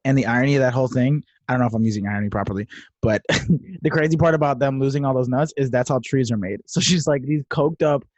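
A man's voice: mid-range voice, quick pace, dry recording. Laid-back man chatting, dry sound. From USA. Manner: laid-back storytelling, laughs often. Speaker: podcast co-host. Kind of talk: casual chat.

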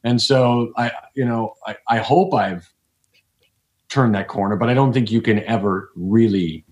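A man's voice: medium pitch, a little slow, a little mellow. A man, a podcast guest, talking in a casual, reflective way and often restarting his sentences. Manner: rambling, reflective, many restarts. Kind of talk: casual conversation.

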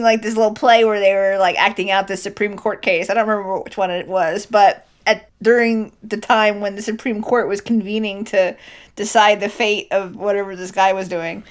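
A woman's voice: mid-range voice, a little fast. A woman in casual, crude conversation who keeps breaking into laughter. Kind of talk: casual chat.

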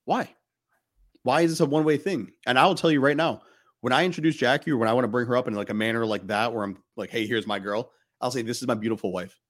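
A man's voice: medium pitch, fast talker. Blunt, emphatic male podcast host. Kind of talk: casual podcast conversation.

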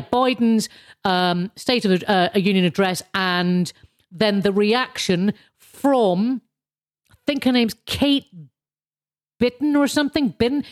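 A woman hosting a show, casually recapping her episode in a rambling, sardonic way with many fillers and restarts. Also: medium pitch. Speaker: show host.

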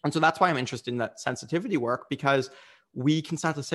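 A man's voice: on the high side, fast talker, fairly bright tone. A man speaking as a coach in a candid interview, earnest and reflective, with frequent fillers.

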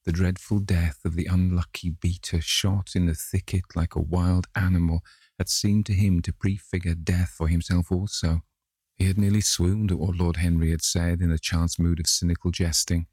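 A man reading a classic novel aloud in measured, unhurried narration. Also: low-pitched, little pitch movement, a little mellow, slightly rough, dry recording, studio quality. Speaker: audiobook reader.

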